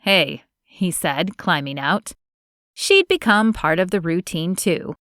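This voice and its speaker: A woman narrates an audiobook in a low, even voice. Her delivery is measured and unhurried. The recording is close and dry, with no room sound at all. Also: dry recording. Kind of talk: scripted narration.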